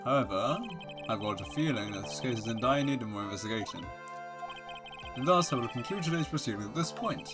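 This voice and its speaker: A man voicing an elderly, befuddled male judge who speaks slowly and formally, with some hesitation, over game music. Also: mid-range voice, lively intonation, lightly acted.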